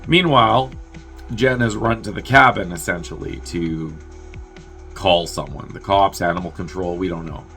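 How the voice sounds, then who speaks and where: A man hosting a movie review show, casually recapping a film's plot in a loose, sweary way, with quick asides where he acts out the characters' lines. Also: low-pitched, fairly bright tone, soft background music. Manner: loose and chatty, full of "like" and swearing.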